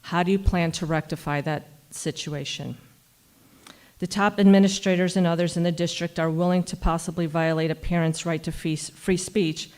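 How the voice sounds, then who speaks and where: Low-pitched woman advocate, formal and pointed, reading prepared questions. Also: fairly even intonation, normal speed, darkish tone. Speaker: parental rights advocate. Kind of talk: prepared public comment, read statement.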